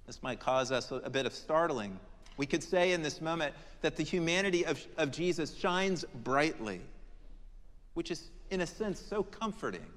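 A man preaching a sermon, moving dramatically between emphatic declarations and hushed, prayerful lines. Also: fairly high pitch, big-room sound. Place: church.

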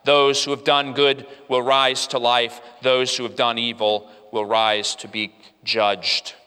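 A man's voice: medium pitch, flat delivery, takes it slowly, bright, forceful tone, smooth. A man preaching a sermon to his congregation, earnest, with frequent "uh" restarts and a voice that rises and falls. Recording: long hall reverb.

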